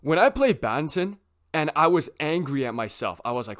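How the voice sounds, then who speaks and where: A man's voice: a little high, very animated, moderate pace, a bit bright. A young man talking casually to camera about self-improvement, rambling with lots of filler words and tag questions. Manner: rambling, heavy use of "like" and "right?".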